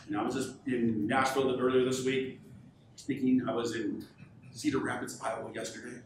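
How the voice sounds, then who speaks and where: A man giving a live business keynote to an audience, energetic and peppering the crowd with questions. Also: mid-range voice, normal speed. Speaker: professional speaker. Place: event hall with audience. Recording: echoey hall, voice from far off, faint hum.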